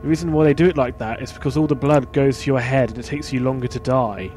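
A man's voice: mid-range voice, fast talker, a little mellow, faint music behind. A man hosting a let's play, giving casual gameplay commentary and muttering asides to himself.

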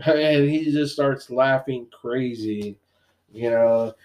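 Speaking slowly in a mid-range voice, a podcast co-host chats casually as he recaps a comic, animatedly quoting the characters and dropping in lots of filler words.

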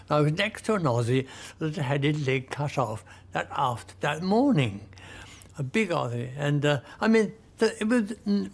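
Gravelly old man recalling the war. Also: on the high side. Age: 90s. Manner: halting, vivid storytelling with restarts. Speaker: war veteran recalling captivity. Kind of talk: interview recollection.

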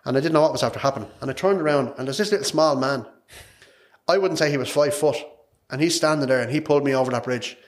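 A man's voice: mid-range voice, quick pace. An Irish man, a podcast guest, telling a personal story in a frank, emotional, rambling way, repeating his words. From Ireland.

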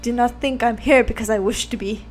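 A woman's voice: fairly high pitch, steady tone, brisk, soft background music, lightly acted. A woman voicing a haughty, aristocratic young male fantail bird in an attempted French accent, cold and disdainful.

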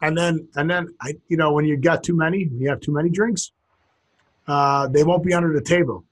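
Husky guy cohosting a goofy podcast, voice sits a bit high, reads off silly sayings and laughs at em. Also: fairly even intonation, brisk. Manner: reads out funny sayings, chuckling, jumps into silly put-on voices. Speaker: podcast co-host. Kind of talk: casual comedic chat.

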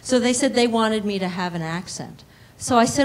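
An actress on a panel telling a lively anecdote and acting out the back-and-forth of each quoted exchange. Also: female voice, fairly high pitch, normal speed, rough recording. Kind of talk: panel discussion storytelling.

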